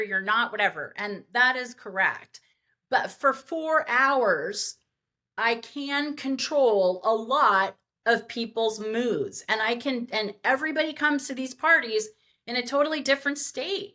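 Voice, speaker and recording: A woman event planner telling party stories as a podcast guest, animated and rambling with lots of fillers. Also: on the high side. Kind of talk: podcast interview storytelling.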